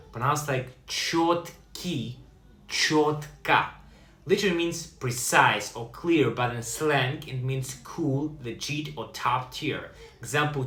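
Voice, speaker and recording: A man teaching language in a lively way, slowing down to pronounce example words. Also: mid-range voice, echoey room. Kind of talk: online language lesson.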